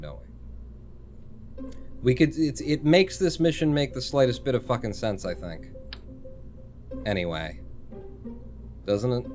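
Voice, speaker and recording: A man streaming a game who thinks out loud and swears freely. He has a mid-pitched voice and reacts to chat as he plays. Faint music plays underneath. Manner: rambling, swears casually, thinks aloud, reads chat. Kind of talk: live-streamed gameplay chat.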